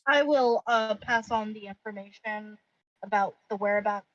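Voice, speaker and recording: A woman's voice: mid-range voice, normal speed, a bit bright, dry recording. A woman playing in a tabletop game, talking casually in a blunt, profane way. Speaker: player. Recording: dull lo-fi mic.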